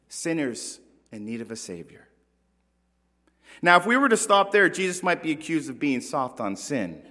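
A man's voice: fairly high pitch, a bit bright. Earnest male pastor in a reverberant hall. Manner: earnest preaching with dramatic pauses and rising emphasis. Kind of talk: sermon. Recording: long reverb of a large hall.

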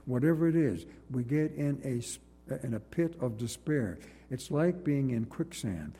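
A man delivers a sermon in a measured, earnest cadence, leaning on repeated phrases. His voice is very dark and somewhat husky. It rings with a long reverb, as in a large church hall. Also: medium pitch, lively intonation. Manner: earnest, measured preaching with repetition. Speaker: preacher.

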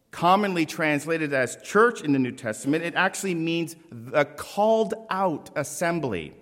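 A man preaching a sermon to his congregation, emphatic and deliberate, with friendly asides to the people in front of him. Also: fairly high pitch, animated, fairly bright tone. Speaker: pastor. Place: church sanctuary. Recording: long reverb of a church hall.

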